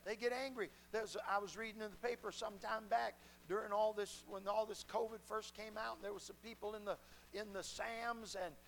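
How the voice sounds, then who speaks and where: High-voiced folksy preacher. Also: male voice, fairly even intonation, moderate pace, gravelly, rough recording. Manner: folksy storyteller, emphatic, swings loud and soft. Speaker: pastor. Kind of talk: sermon with folksy stories. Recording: faint hum behind.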